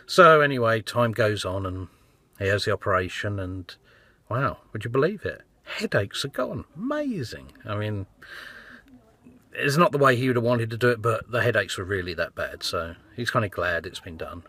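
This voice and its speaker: A man's voice: on the low side, expressive, fairly quick, pushed and bright, no echo. Rambling man telling a joke. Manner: rambling, self-interrupting, chuckling storyteller. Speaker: joke teller.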